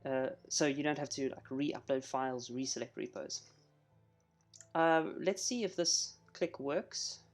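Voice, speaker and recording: A man talking through his work on a live coding stream in a casual, chatty way. He thinks out loud and narrates each step as he goes. His voice sits at an ordinary middle pitch, with soft music playing faintly behind him. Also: unhurried.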